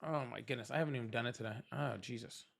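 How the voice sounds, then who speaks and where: A man's voice: medium pitch, rapid-fire, creaky, fairly bright tone. A young man hosting a casual livestream, chatting with viewers, thanking them and laughing often. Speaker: livestream host.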